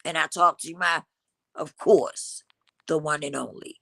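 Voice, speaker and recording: A woman hosts a livestream and talks straight to her viewers with emphatic, preaching conviction. Her tone is bright and forward, with a dry, close sound. She speaks in casual vernacular and sounds a little stuffy from a cold. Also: sits low, steady tone, unhurried, gravelly, no room sound. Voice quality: slightly congested from a cold. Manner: emphatic, preachy, addresses the audience as y'all; African American Vernacular English speech. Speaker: livestream host. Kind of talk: casual motivational talk to viewers.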